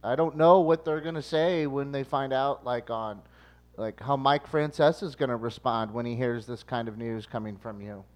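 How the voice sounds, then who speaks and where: A man in his forties hosting a casual chat, telling stories with lively quoted shouts. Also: normal speed. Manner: animated storyteller, jumps high for quoted shouts. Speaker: podcast host.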